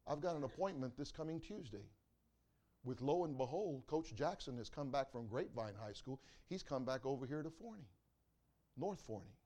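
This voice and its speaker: A man preaching a sermon as pastor, swinging from loud exclamations to quiet asides. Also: medium pitch, animated, moderate pace.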